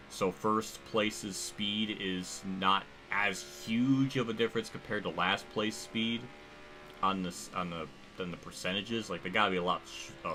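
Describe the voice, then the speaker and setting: A man's voice: low-pitched, sharp tone. A man livestreaming a sim-racing game, commenting casually and rambling, restarting his sentences and swearing now and then. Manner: rambling, casual, thinks aloud with frequent restarts.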